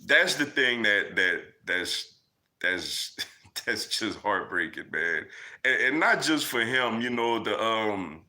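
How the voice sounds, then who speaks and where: A man's voice: fairly low pitch, expressive, slow, bright, forceful tone. Laid-back man hosting a live chat. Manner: loose and conversational, many fillers like "man" and "yo". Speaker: livestream host answering chat.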